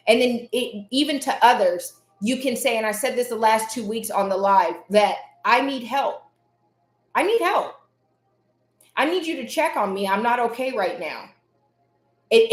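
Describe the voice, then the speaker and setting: A woman hosting a live self-care talk, earnest and encouraging, repeating phrases for emphasis. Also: fairly high pitch. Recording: echoey room.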